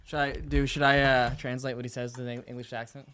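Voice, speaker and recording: A man's voice: mid-range voice, flat delivery, brisk, a bit bright, smooth. Dry-voiced man teasing from off mic. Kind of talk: casual banter off mic.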